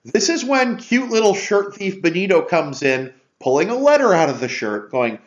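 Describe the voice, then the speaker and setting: A man's voice: a little high, big pitch swings, moderate pace, few pauses. A man co-hosting a podcast, sarcastically retelling a movie's plot in casual chat. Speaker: podcast co-host. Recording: dull lo-fi sound.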